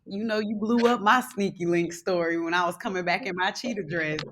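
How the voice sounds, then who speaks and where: A woman's voice: medium pitch, brisk, noisy background. A woman co-hosting a podcast in casual chat, laughing often and teasing. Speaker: podcast co-host.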